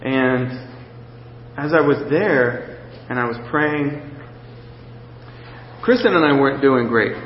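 A man preaching a sermon, telling a personal story in a halting, emotional way with many restarts, close to tears. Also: mid-range voice. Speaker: pastor. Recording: echoey hall, dull lo-fi sound, faint noise.

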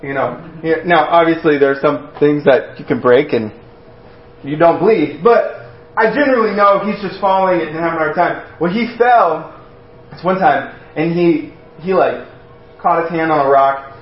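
Male preacher, slightly high voice, loose storytelling delivery, dull recording. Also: unhurried. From Texas. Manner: conversational and storytelling, with many restarts and acted-out quotes. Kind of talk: sermon.

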